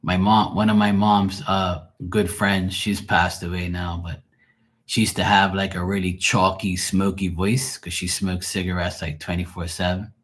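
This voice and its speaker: A man's voice: low voice, level tone, normal speed, fairly bright tone. A man with a Bermudian accent chatting casually on a livestream as a tarot reader, rambling and swearing freely. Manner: rambling, profane, laughs often. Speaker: live tarot reader and streamer.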